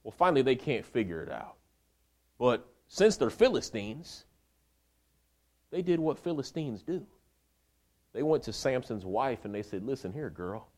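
A man preaching a sermon, retelling a story in a colloquial, animated way and speaking directly to the men in the congregation. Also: mid-range voice, a little slow, pauses often.

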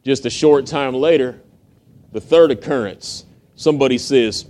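A man's voice: mid-range voice, unhurried, a little mellow. A man from the United States preaching, retelling a story in a folksy, conversational way with acted-out quotes. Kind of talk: storytelling sermon.

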